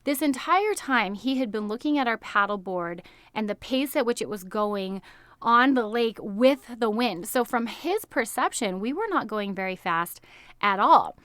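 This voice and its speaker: A woman's voice: fairly high pitch, expressive, unhurried, a bit bright, no room sound. A woman in her thirties from the United States, a health coach telling a story in a casual, upbeat way, with lots of "like" and frequent laughter. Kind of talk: casual podcast monologue.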